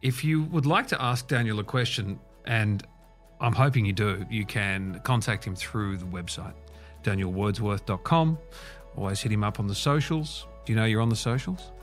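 A male podcast host with a low voice closes out the episode in casual, friendly chat. He ribs his guest a little before the sign-off, with faint music sitting under his voice. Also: normal speed.

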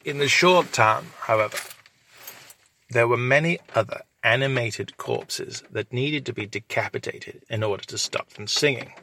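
A man improvising a crude comic story in a deadpan, rambling way. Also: mid-range voice, normal speed, slight background noise. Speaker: storyteller host.

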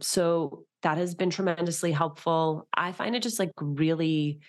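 A woman with a notably low voice talks in a relaxed, conversational way. She is animated and slips into lively, jumpy tones whenever she quotes herself or other people. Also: measured pace. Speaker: guest, author and TV host. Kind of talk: casual conversation.

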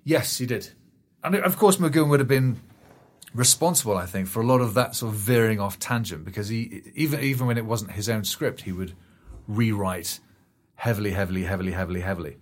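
A man's voice: fairly low pitch, brisk. Rambling male podcast co-host. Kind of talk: casual chat.

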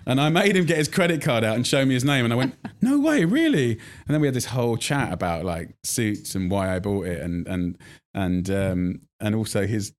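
A deep-voiced English man in his forties chats as an interview guest. He tells lively stories, stumbling through restarts and fillers. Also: fairly quick, hardly any pauses. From England. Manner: animated storytelling, many fillers and restarts. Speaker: guest chef. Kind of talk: casual interview chat.

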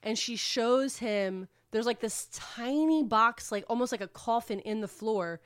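A woman casually recapping a book plot on a podcast, rambling and animated, with swearing. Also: fairly high pitch, a little slow, clear, resonant tone, no echo, studio quality. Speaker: podcast co-host retelling a book. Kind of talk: casual chat.

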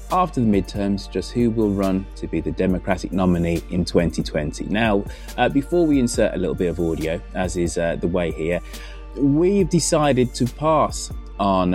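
A man's voice: deep voice, a little mellow. A man hosting a podcast, introducing the show and guests in a polished, genial presenter manner. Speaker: podcast host. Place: home.

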